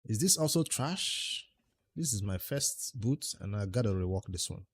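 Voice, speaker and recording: A man's voice: on the low side, lively intonation, normal speed, husky, no echo. A man with a Nigerian accent livestreaming a game, chatting casually, answering viewers' questions and muttering about his progress. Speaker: game streamer.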